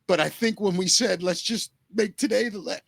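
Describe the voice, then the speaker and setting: Podcast co-host, man, earnest and shaken, tearful, bright tense tone. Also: sits high, vocal fry, breathy edge, no room sound. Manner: earnest, emotional, swearing, halting restarts. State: close to tears. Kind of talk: emotional podcast talk.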